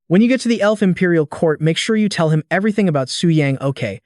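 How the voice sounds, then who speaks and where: A man's voice: a little high, lively intonation, quick pace, darkish tone, dry recording, clean studio sound, close to an everyday voice. A man reading the lines of a scheming, sycophantic male shogun who betrays his own people, smug and fawning.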